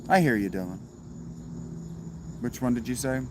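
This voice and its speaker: A man hosts a casual livestream and answers his chat in a laid-back, wry way, tossing in the odd curse. His voice sits at an ordinary pitch. Behind him there is a steady hiss with crickets chirping outdoors. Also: normal speed. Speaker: livestream host reading chat.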